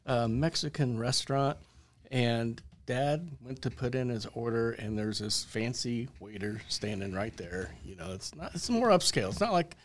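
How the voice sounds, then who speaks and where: A man with a voice of middle pitch, co-hosting a casual chat show. He tells a family anecdote in an animated way and chuckles as he goes. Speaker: co-host.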